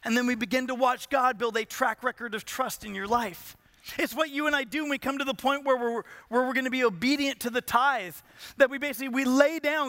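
A man's voice: very high-pitched, a little fast, bright, forceful tone, no echo. A man preaching a sermon as a pastor, building intensity and asking the congregation rhetorical questions.

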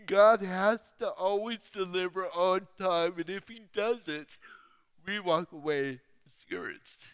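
A man telling a story in a sermon, with speech that is hard to understand, slow and deliberate with pauses. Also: high-pitched, clear, resonant tone.

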